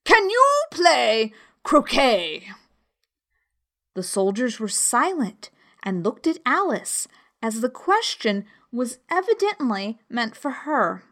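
A woman narrating a storybook in a measured, expressive way. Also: on the high side. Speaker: audiobook narrator.

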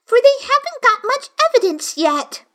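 A prim, curious young girl who mutters her thoughts aloud, her voice pitched high and bright with a lively swing. She sounds a little set back from the mic. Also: moderate pace, exaggerated voice. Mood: musing. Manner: musing to herself. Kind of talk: audiobook character voice.

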